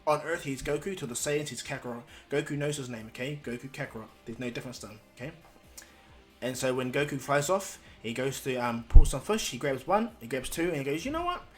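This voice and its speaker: A man's voice: mid-range voice, fairly quick, soft background music. A man casually telling a fan-made story, rambling with lots of fillers.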